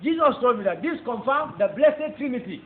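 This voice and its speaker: A man's voice: very high voice, expressive, brisk. A man with a Nigerian accent giving a fervent preaching testimony, emphatic and repeating phrases as he addresses his listeners. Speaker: testifying convert. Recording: tinny phone-like audio with faint background noise.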